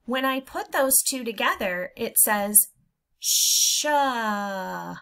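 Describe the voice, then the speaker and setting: Woman, phonics teacher, very slow pace, bright voice, encouraging, drawn-out letter sounds. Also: on the high side, animated. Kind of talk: phonics lesson for young children.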